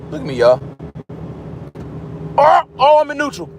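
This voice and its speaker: A man mimicking a flustered male driver who panics over his gears, in a lower, softer voice. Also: wildly swooping pitch, a little slow, a little hiss or hum, exaggerated voice.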